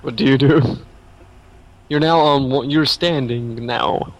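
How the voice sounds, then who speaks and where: A man's voice: medium pitch, slow, rough recording. A man running a tabletop game as game master, easygoing and loose in his narration, laughing often.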